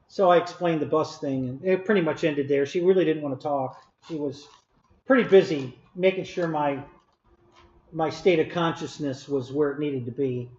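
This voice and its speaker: Rambling man telling a story to live chat. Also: on the high side. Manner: rambling, with many restarts and chuckles. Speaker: live stream host. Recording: echoey room, dull lo-fi audio.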